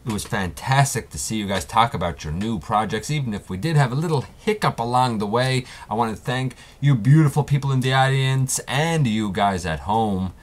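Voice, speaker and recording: A man's voice: medium pitch, moderate pace, few pauses, pitched above the performer's own voice, natural voice. A man voicing a laid-back male robot talk show host who chats in a casual, rambling way. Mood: upbeat. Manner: casual, rambling, chatty with fillers.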